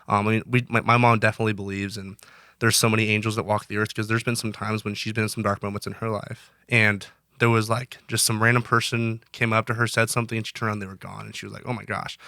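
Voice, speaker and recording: Twenties male interview guest, bright and brisk delivery, earnest and rambling. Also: on the low side, gravelly, no echo, clean studio sound. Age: 20s. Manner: earnest, rambling with many restarts. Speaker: guest, college wrestler. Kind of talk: casual interview talk.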